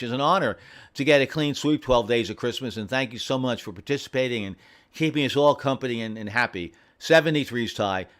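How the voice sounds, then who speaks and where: A man running an amateur radio station from home, friendly and repeating call signs slowly and carefully. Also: mid-range voice. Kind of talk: on-air radio contacts, reading call signs.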